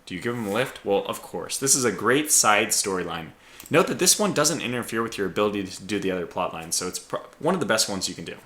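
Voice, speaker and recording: A man hosting a let's play, reading the game's story text aloud and adding relaxed commentary, with occasional stumbles. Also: fairly low pitch, quick pace.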